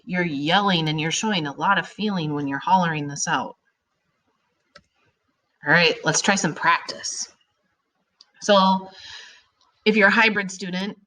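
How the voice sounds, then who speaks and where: Upbeat woman teacher, slightly low voice. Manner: upbeat, animated, stretching example sentences for effect. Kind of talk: grammar lesson for children.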